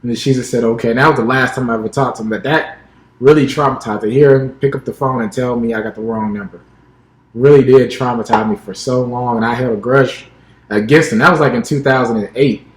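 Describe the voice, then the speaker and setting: A man's voice: mid-range voice, steady tone, fairly quick. A young man, a podcast co-host, telling a personal story in casual chat and acting out the dialogue. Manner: acts out quoted dialogue, restarts often. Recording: echoey room.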